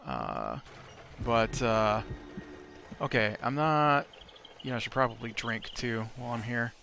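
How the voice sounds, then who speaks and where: A man's voice: mid-range voice, animated, a little slow, gravelly, sharp tone, a little hiss or hum. A man hosting a let's play, telling a rambling story between remarks on the game. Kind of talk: casual gameplay commentary.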